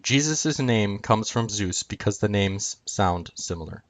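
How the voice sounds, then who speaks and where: Guy with a lowish voice walking through letters on screen, lots of ums, dry close mic. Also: lively intonation, unhurried, no room sound. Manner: hesitant, many ums and uhs, pointing at on-screen letters. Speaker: video presenter explaining Greek spellings. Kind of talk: casual screen-share explanation.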